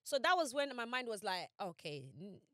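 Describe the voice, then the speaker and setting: A young woman tells a personal story on a podcast, animated and emphatic. She acts out what people said with big dramatic swings in her voice. The sound is dry and close. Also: fairly quick, no echo. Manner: animated, emphatic, quotes herself and others with dramatic pitch swings. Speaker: podcast co-host. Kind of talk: casual storytelling chat.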